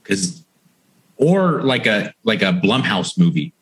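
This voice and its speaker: Goofy low-voiced man co-host. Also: very animated, slow, a bit bright. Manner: goofy, playful and jokey. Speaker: podcast co-host. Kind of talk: casual chat.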